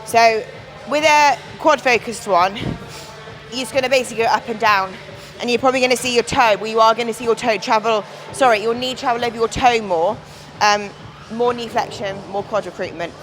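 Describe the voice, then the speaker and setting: Young woman, casual and candid gym vlogger, a touch high, music track playing under her. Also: moderate pace, low-quality recording. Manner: chatty, candid, swears casually. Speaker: bodybuilding competitor. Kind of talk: casual gym vlog talk.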